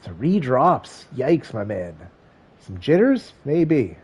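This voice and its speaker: Mellow-voiced man calling a game stream. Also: mid-range voice, very animated, slow pace, breathy edge, lo-fi sound. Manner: wry, joking asides between stat rundowns. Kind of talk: casual play-by-play commentary on a football video game.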